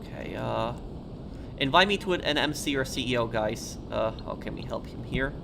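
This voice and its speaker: A man streaming a video game, chatting casually with viewers in a relaxed, halting way. He sounds a little tired. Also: medium pitch, vocal fry, noisy background. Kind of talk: live stream chat, answering viewers.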